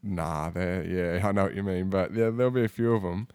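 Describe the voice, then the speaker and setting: A man hosts a casual podcast in a low voice. He talks in a laid-back, rambling way, full of fillers. The sound is dry and close. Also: steady tone, brisk, darkish tone, clean tone, no room sound. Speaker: podcast host.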